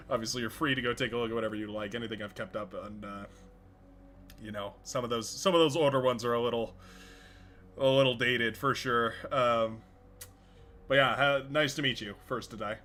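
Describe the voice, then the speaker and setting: A man's voice: medium pitch, moderate pace, long pauses, sharp tone. A young man hosting a game livestream, rambling casually with frequent laughs and restarts. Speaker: stream host and game caster.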